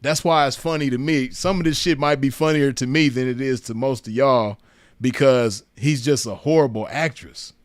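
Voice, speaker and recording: At medium pitch and normal speed, a Southern California-accented man from Los Angeles County hosts casual commentary reacting to clips. He mocks what he sees and laughs frequently, and the studio-quality audio has no room sound.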